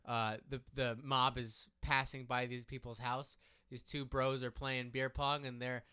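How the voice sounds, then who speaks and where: Animated bright-voiced man chatting. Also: mid-range voice, measured pace, smooth. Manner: animated, restarts sentences often. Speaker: podcast co-host. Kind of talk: casual political chat.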